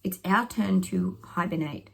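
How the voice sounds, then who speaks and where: A middle-aged woman vlogs her psychic predictions in a loose, rambling way, thinking aloud as she goes. Her voice sits a little low, with a husky, breathy edge and some gravelly fry. Now and then she drops into a whispered aside. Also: a little slow.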